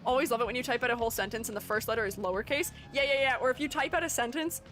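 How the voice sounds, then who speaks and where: A woman's voice: on the high side, very fast, fairly bright tone, faint music behind. A woman streamer chatting casually while gaming, giggling often and reading her chat aloud to answer it. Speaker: streamer and artist.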